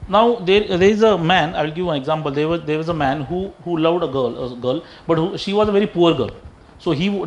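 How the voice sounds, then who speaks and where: Indian English male speaker, anecdotal lecture style, quick, faint background noise. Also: fairly high pitch, low-quality recording. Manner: storytelling, repeats and restarts phrases. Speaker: speaker at a health talk. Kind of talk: public talk with anecdotes. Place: lecture room.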